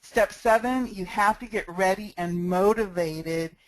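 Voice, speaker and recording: The speaker is a woman of medium pitch who keeps a measured pace while guiding viewers through a screencast tutorial on sales and marketing. She uses a cheap headset mic and sounds warm, practical and smiling. The audio is poor, though free of echo.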